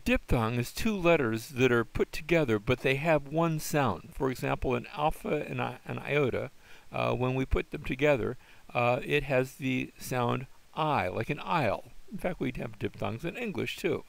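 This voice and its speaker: A man giving an informal Greek lesson, patiently explaining letter sounds and slowly sounding words out as he thinks aloud. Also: medium pitch, animated, creaky. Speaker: Greek teacher.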